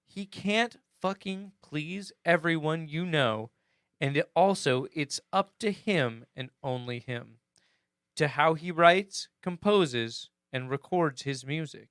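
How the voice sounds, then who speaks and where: A man's voice: on the high side, slow pace, a bit bright, clear, resonant tone, dry recording, clean studio sound. A man co-hosting a podcast in casual chat, joking and swearing as he reads out listener comments. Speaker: podcast co-host.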